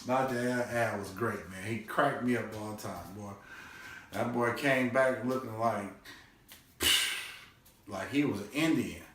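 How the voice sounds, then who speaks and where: A man telling a comic family story, animated and loose, now and then shouting quoted lines in a high voice. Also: measured pace, pauses often, slight background noise. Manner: animated, shouts his dad's cussing in a high voice. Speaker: comedian. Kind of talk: storytelling stand-up. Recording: echoey room, distant mic.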